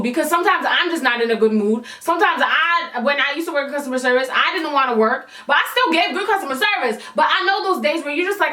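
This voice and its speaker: A sassy woman vlogger tells her story in an animated, slangy way. Her voice sits high and sounds bright and sharp, and it bounces around an echoey room. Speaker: YouTuber. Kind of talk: storytime vlog.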